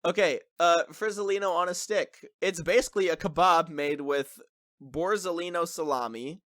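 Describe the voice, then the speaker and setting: A man's voice: fairly high pitch, moderate pace, fairly bright tone, dry recording, clean studio sound. A man hosting a podcast in casual chat, reading a list aloud and laughing. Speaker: podcast host.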